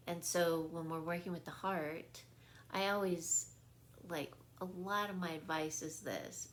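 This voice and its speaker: A woman's voice: deep voice, fairly even intonation, a little slow, slight background noise. A woman speaking as a wellness coach in an earnest, casual spiritual talk, often checking in with her listeners and laughing easily. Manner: earnest, repetitive, checks in with "right?".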